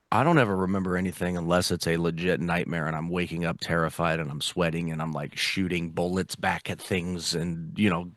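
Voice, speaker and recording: A man with a very low voice chats loosely on a podcast, dropping "dude" and the odd curse word. The sound is dry and close, with no room around it. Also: a bit bright, dry recording. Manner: swears casually, says "dude" a lot. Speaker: podcast co-host. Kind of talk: casual chat.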